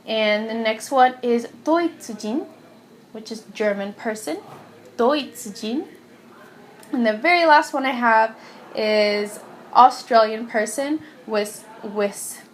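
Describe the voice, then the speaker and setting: A woman's voice: on the high side, slight background noise. Chatty young woman teaching phrases. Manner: chatty, giggly, repeats each phrase slowly. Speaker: language teacher vlogger. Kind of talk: casual phrase lesson. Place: warm room at home.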